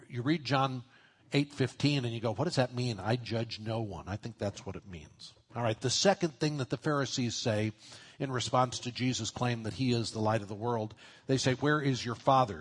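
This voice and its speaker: A man's voice: medium pitch, breathy edge. A man preaching a sermon in a conversational way, acting out quoted voices as he teaches. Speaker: pastor.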